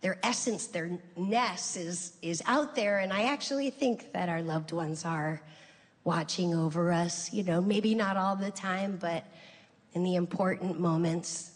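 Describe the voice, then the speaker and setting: A middle-aged woman performing a stand-up routine, telling stories in a conversational, deadpan way. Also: measured pace. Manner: conversational, deadpan storytelling with sudden high-pitched voices for quoted people. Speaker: stand-up comedian. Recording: live show with long hall reverb and faint ambience.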